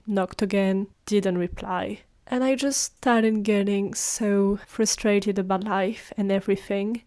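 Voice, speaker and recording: A woman in her twenties, a native French speaker, hosting a podcast and telling personal stories in a casual, animated way, acting out what she said. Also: mid-range voice. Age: 20s. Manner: animated, acts out her own quoted lines. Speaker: podcast host. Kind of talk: casual storytelling monologue.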